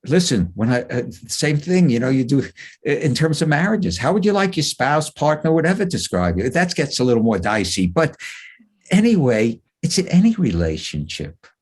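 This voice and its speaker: Husky-voiced older man telling stories. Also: mid-range voice, big pitch swings, moderate pace. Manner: warm anecdotal storyteller, chuckles and restarts. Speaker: psychologist guest speaker. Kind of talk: conversational webinar talk. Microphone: video call microphone.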